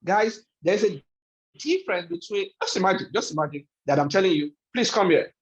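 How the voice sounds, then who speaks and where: A man's voice: high voice, expressive, a little fast. A man giving a motivational webinar lecture, speaking emphatically and repeating key phrases for effect. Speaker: webinar speaker on life skills. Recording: echoey room, dull lo-fi sound.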